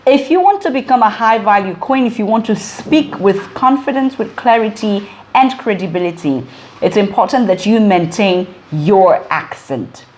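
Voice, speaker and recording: A woman's voice: medium pitch, animated, normal speed, a little mellow, a little hiss or hum. A woman in her forties, a former broadcaster, giving communication advice straight to camera with emphatic, repeated phrasing. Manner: emphatic, list-like repetition of phrases. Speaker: vlogger and communication coach. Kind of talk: direct-to-camera advice talk.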